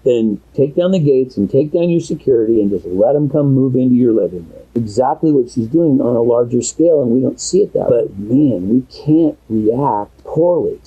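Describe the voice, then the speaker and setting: Husky pastor on a tinny recording. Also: male voice, medium pitch. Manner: rambling, earnest and emotional. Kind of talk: private conversation, secretly recorded. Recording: tinny phone-like audio recording.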